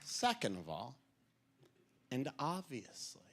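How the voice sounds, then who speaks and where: A man from New doing a stand-up comedy set, telling stories and acting out voices with animated delivery. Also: mid-range voice, takes it slowly, creaky, some chatter behind. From New York City. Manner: animated storytelling, acts out voices.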